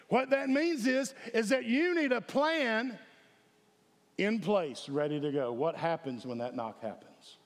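Man, pastor, high voice, emphatic sermon delivery, reverberant church sanctuary. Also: lively intonation, a little slow. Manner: emphatic, calls for audience response. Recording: echoey hall with long reverb.

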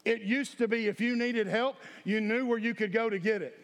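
Man, pastor, high voice, emphatic sermon delivery, reverberant church sanctuary. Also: steady tone, normal speed, fairly bright tone. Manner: emphatic, calls for audience response. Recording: echoey hall with long reverb.

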